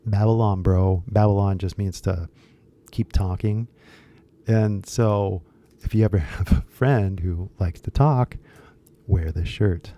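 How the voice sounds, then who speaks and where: A man chatting loosely to his viewers about an idea he is pitching, his speech full of fillers and quick restarts. His voice sits a little low and sounds very dark and mellow. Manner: switches into Japanese at times. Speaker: English teacher and shirt seller. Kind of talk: casual talk to viewers.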